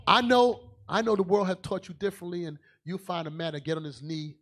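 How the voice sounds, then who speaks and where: Man, bishop, fiery sermon, high-pitched, calls out to the congregation. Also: a little fast. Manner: swings from low asides to loud shouting. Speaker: bishop preaching.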